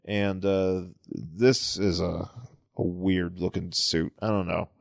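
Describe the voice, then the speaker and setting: A man's voice: low-pitched, flat delivery, slow, vocal fry, no room sound, clean studio sound. A man co-hosting a podcast, chatting casually and rambling about a comic book with many restarts. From New York area. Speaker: podcast co-host.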